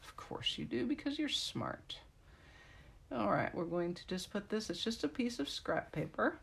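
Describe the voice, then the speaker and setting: A woman's voice: lowish voice, very animated, moderate pace, gravelly, husky. A middle-aged woman demonstrating card making in a casual tutorial, chatting and rambling in asides to her viewers. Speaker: craft demonstrator.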